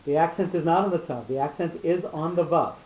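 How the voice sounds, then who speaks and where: A man with a fairly high voice leads a Torah class, explaining patiently and going back over the key words again and again. The sound is dull and lo-fi, with a lot of room echo. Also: fast, slight background noise. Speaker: Torah teacher.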